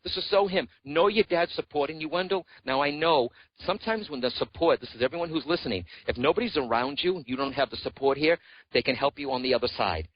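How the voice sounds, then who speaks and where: A man's voice: medium pitch, fast, no room sound, lo-fi sound. A man giving a psychic reading on a radio show, talking in an earnest, reassuring way and often calling the caller by name. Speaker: psychic medium guest.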